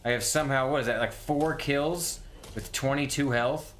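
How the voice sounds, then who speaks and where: A man's voice: medium pitch, moderate pace, slight background noise. A man commentating his own gameplay casually, mocking himself and yelping when things go wrong. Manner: self-mocking, excitable yelps. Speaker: gaming streamer.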